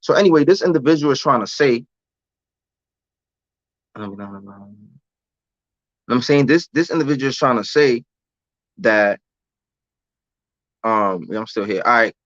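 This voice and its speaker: A man's voice: mid-range voice, expressive, measured pace, long pauses, fairly bright tone, no room sound. A young American man in a casual live-stream rant, talking loose street slang and repeating himself. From United States. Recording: dull lo-fi dry sound.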